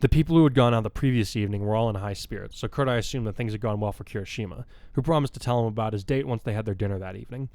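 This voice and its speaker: A man narrating a fan fiction story in a steady storytelling manner. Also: lowish voice, racing, few pauses, no room sound.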